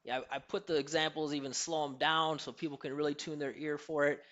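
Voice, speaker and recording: A man's voice: a little high, flat delivery, fast talker, fairly bright tone. A man with an American accent, an accent coach answering interview questions in an emphatic, teacherly way and demonstrating pronunciations.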